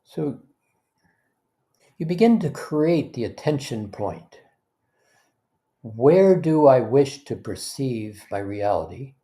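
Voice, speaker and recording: A man as a spiritual teacher, leading a guided meditation talk in a gentle, unhurried way, pausing for breaths and restarting phrases conversationally. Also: medium pitch, lively intonation. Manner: gentle, unhurried, leads listeners through breaths.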